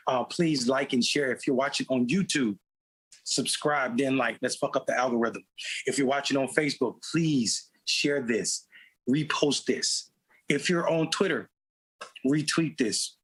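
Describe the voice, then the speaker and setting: A man's voice: mid-range voice, measured pace, a bit bright, husky. A man hosting a casual political talk show, hyped up, profane and teasing his co-hosts. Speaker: show host.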